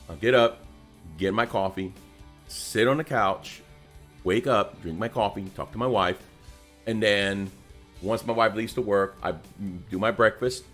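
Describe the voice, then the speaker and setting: Low-pitched male co-host, rambling casual chatter, faint music bed. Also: normal speed, fairly bright tone. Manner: rambling, many restarts and fillers. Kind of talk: casual livestream chat.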